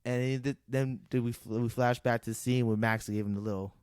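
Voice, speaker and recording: Talking fairly quickly in a steady, mid-range voice with a darkish, clean tone, a podcast co-host walks through a film scene by scene in a relaxed recap chat. He voices the characters' lines and laughs a lot. The recording is echo-free studio quality.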